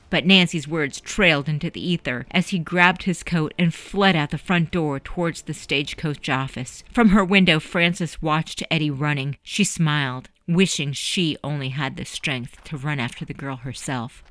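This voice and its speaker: Low-voiced woman narrating a story podcast. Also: a bit bright, dry recording. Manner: measured, earnest storytelling. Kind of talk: scripted narration.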